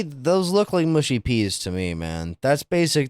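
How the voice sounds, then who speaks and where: A young man streaming live, chatting casually with viewers and reacting to things with loud, incredulous, profane outbursts. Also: a little high, sing-song, measured pace, few pauses, no echo. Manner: incredulous, swearing, exaggerated reactions.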